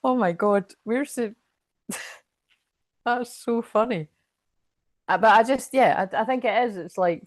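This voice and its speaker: A woman's voice: mid-range voice, no echo, studio quality. A Scottish woman giving a casual, rambling tarot reading to camera. She often breaks into laughter. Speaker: tarot reader.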